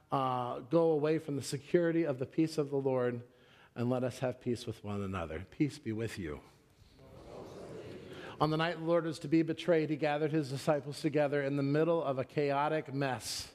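A middle-aged male pastor delivering a sermon, his voice sitting a little high for a man. He slips into stories and acts out the quotes in them, lifting his pitch as he plays the other people. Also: a little mellow.

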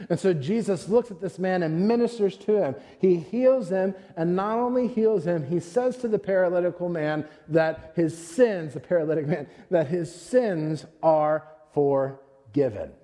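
A man's voice: high-pitched, unhurried, few pauses, warm tone. Man preaching in a reverberant hall. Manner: storytelling with acted-out quotes, conversational. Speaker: pastor. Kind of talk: sermon.

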